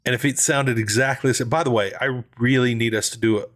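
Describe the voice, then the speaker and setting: A man's voice: mid-range voice, steady tone, fast, fairly bright tone. A man co-hosting a podcast in casual chat, joking and teasing as he talks. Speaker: podcast co-host.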